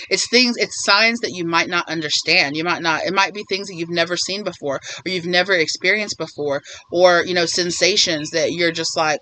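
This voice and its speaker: A man giving a casual spiritual tarot reading, rambling and animated, often acting out what others might say. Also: high voice, moderate pace, a little hiss or hum, rough recording. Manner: rambling, animated, acts out quoted voices. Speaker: tarot reader.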